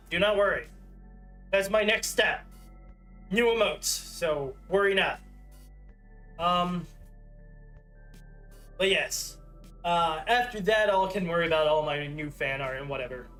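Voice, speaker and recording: A man's voice: sits high, unhurried, long pauses, a bit bright, soft background music. A man in his thirties chatting casually on a livestream, rambling and self-deprecating with lots of fillers. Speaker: streamer.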